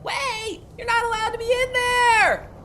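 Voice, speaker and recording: A man voicing a tiny, frantic female kobold clerk with a girly, very high-pitched voice, shouting in a flustered way. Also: level tone, measured pace, a little hiss or hum, full character voice.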